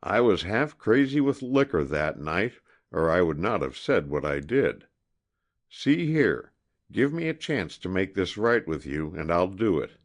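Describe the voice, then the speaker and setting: A man's voice: low voice, big pitch swings, unhurried, full character voice. A man voicing a jealous, volatile hunter. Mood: pleading. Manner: pleading, then savage and threatening. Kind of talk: audiobook character reading.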